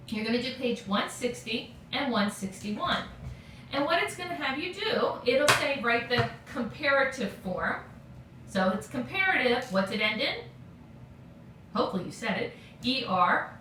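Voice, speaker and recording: A woman teacher giving a recorded grammar lesson, patient and steady, checking in with frequent okays. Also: fairly high pitch, normal speed, slight background noise. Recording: echoey room, voice from a distance.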